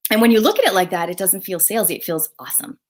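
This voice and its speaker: A woman's voice: mid-range voice, animated, rapid-fire. A woman business coach giving an enthusiastic live talk, speaking straight to her viewers. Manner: upbeat, enthusiastic, addresses viewers directly.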